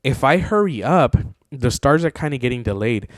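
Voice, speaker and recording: This young podcast host tells a casual story at a moderate pace, loose and rambling with lots of filler words. His pitch is ordinary and mid-range, growing excitable along the way, captured in a close, dry sound without any room reverb.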